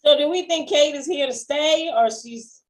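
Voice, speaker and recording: A woman's voice: sits high, normal speed. A woman co-hosting a podcast in casual, blunt chat about a TV show. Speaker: podcast co-host.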